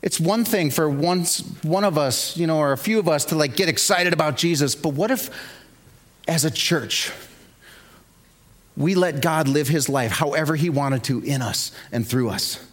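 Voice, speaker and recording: A man's voice: on the high side, moderate pace. A man preaching a sermon as pastor, telling stories with rising energy. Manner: animated storytelling, builds to shouts.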